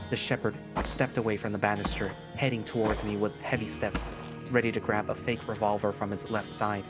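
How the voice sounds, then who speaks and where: A man narrating a first-person story in a lively storytelling manner. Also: on the low side, fairly quick. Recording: music playing behind.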